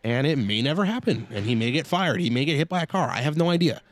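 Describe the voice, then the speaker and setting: A man's voice: a little high, lively intonation, fast talker. A man co-hosting a casual podcast, reading listener email and giving blunt, joking opinions. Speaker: podcast co-host.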